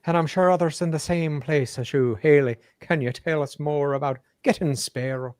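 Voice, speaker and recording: A playful, drawn-out Irish brogue, as a man puts it on, pitched up and slowed down. The sound is dry and close, with no room around it. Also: darkish tone, no room sound, close to an everyday voice. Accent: put-on Irish. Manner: slow, raised, playful. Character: man doing a put-on Irish voice to read a comment.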